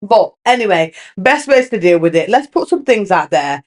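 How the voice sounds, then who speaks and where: A woman's voice: mid-range voice, very animated, normal speed, darkish tone. A young woman, hosting her own podcast, talking candidly and rambling with many restarts. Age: young adult. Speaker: podcast host. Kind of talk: casual solo chat.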